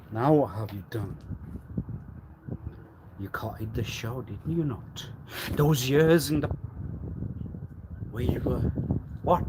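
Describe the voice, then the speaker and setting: A man rambling on a live stream, repeating himself and swinging suddenly between loud and quiet. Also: on the high side, noisy background. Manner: erratic, repetitive, with sudden swings in loudness. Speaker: livestreamer.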